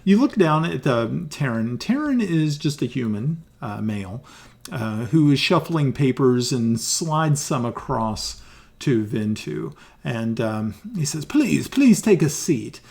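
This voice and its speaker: Halting, gravelly game master, man, narrating slowly. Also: medium pitch, lively intonation. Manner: halting, many ums and restarts.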